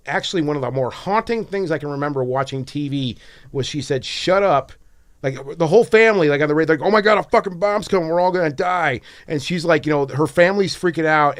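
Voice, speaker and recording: Guy on a movie podcast, kinda high voice, acts out quotes as he tells stuff. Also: no echo, clean studio sound. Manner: animated storyteller, acts out quotes, swears freely. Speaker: podcast co-host. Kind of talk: casual chat.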